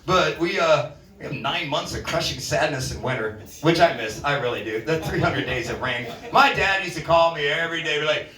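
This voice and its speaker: A man's voice: a little high, lively intonation, fairly quick, bright, forceful tone. A man from Alaska doing a stand-up comedy set at a bar open mic, rambling from one joke to the next with lots of profanity and self-mockery. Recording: roomy bar sound from a distance.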